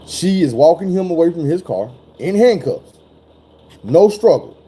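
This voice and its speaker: A man speaking talks in a loose, profane commentary style. His voice is mellow and dark with a husky grain, sitting a bit high for a man. He gets animated and slips into other voices as he retells what happened. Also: a little slow.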